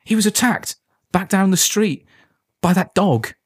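A man's voice: high voice, lively intonation, measured pace, slightly rough, dry recording, clean studio sound, pitched above the performer's own voice, exaggerated voice. A man doing a nervous stammering schoolboy. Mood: panicked. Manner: stammering, flustered.

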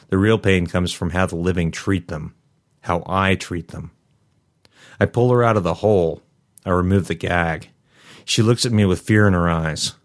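A man narrating a first-person story in a measured, somber way. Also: low-pitched. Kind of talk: first-person fiction reading.

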